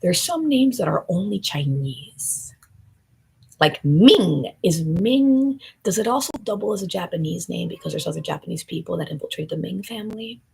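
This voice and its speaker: Woman, low gravelly voice, very raspy, rambling conspiratorial stream commentary, hushed asides and loud outbursts. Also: animated, moderate pace, rough recording.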